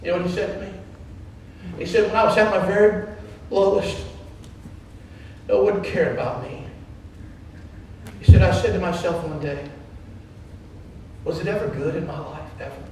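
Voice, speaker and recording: A man's voice: high-pitched, a little mellow, a little hiss or hum. A man from Wyoming preaching a sermon as a pastor, telling a story with passion and acting out other people's words. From Wyoming, United States. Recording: echoey hall from far off.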